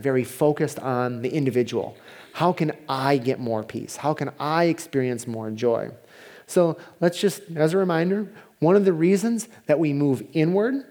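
A male pastor with a somewhat high voice preaches a sermon conversationally, dropping to a hushed tone whenever he voices prayers.

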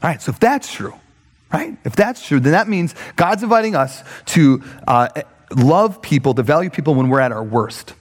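Animated preacher man in a reverberant hall. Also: normal speed. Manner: animated, jumps into high mock voices for quoted people. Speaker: pastor. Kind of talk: sermon with comic storytelling.

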